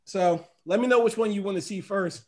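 A middle-aged American man hosts a casual livestream chat, his high, bright voice running a little fast. He laughs often and reads viewers' comments aloud as he goes.

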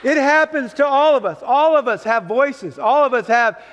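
Guy pastor preaching to his church, pushy and fired up, voice way up high, big reverb tail. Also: normal speed, fairly bright tone, lo-fi sound, some chatter behind. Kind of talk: sermon. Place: church sanctuary with congregation. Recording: long reverb of a large hall.

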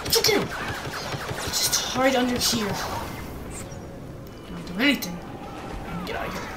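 Woman gamer talking thru a match, gets loud and squeals a lot, higher voice, music going in the back. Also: a little slow, low-quality recording. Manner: excitable, yelps and cheers mid-play. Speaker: gaming channel host. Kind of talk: casual gameplay commentary.

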